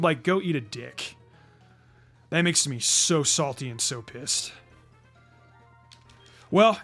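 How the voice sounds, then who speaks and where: A man's voice: a little high, a bit bright. A man doing let's play commentary as a channel host, stammering and repeating words, and swearing when annoyed.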